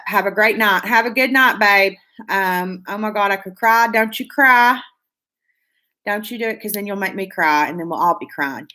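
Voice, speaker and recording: A woman's voice: medium pitch, sharp tone. A woman hosting a casual beauty live stream, reading viewer comments aloud in a gushing, chatty way with lots of fillers.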